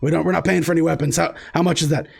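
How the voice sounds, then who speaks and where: A man voicing a brusque, gravelly male ship boss who haggles and dismisses people. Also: on the high side, fairly even intonation, rapid-fire, voice pushed up. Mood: irritated.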